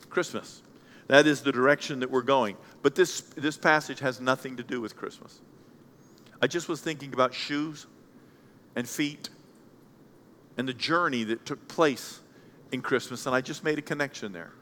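A man preaching a sermon as pastor, joking and animated, jumping from loud outbursts to quiet asides. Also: medium pitch, in a large hall.

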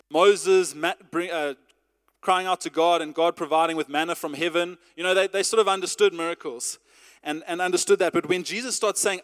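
A man with a high voice preaches a sermon in a relaxed, chatty way, stumbling over a word now and then and turning aside to speak to the room. His voice rings out through a hall with a long echo. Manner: conversational, with false starts and asides.

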